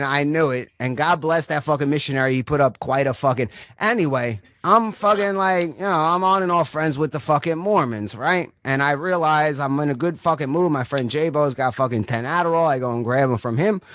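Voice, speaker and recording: Young guy doing a rambling sweary stand-up bit, kinda high voice, dry sound, keeps going "right?". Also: a little fast, hardly any pauses, fairly bright tone, dry recording. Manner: rambling, swears constantly, says "right?" often. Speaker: stand-up comedian. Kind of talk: profane stand-up set.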